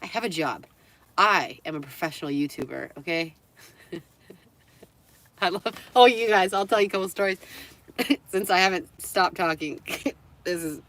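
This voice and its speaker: A woman with a lowish, fairly bright voice livestreams to her viewers. Her chat rambles along, with frequent laughter and free swearing.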